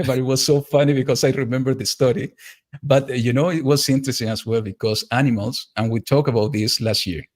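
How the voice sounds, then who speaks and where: A man's voice: mid-range voice, fairly even intonation, a little fast, darkish tone. A man sharing a story in an online Bible study discussion, talking hesitantly with many restarts over a video call.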